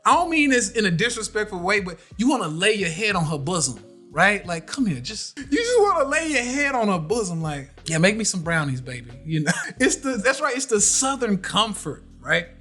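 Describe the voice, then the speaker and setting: A man's voice: sits high, moderate pace, hardly any pauses, soft background music. A man hosting a live podcast, talking casually and animatedly, repeating himself to drive points home. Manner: animated, preachy, repeats phrases. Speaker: podcast host.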